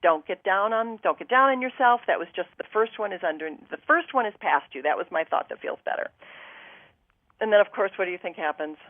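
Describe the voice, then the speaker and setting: A woman's voice: medium pitch, animated, fairly quick, dry recording, phone-quality sound. A woman guest telling a personal story on a talk show, acting out her own thoughts and what others said to her.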